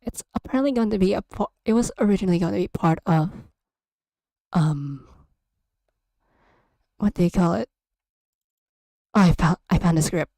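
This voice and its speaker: A woman streams from her room in loose, rambling chat that trails off and breaks into giggles. Her voice is low, dark and full of fry, and she takes her time. The close desk mic gives a dry, close sound. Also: normal speed, pauses often, no echo. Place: home room. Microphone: USB desk microphone.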